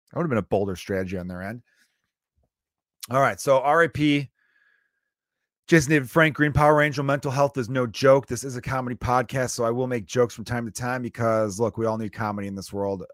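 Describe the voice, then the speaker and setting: A man's voice: medium pitch, brisk, no echo, clean studio sound. A man in his thirties hosting a comedy podcast, riffing in a profane, joking monologue. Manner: profane, riffing, mock impressions.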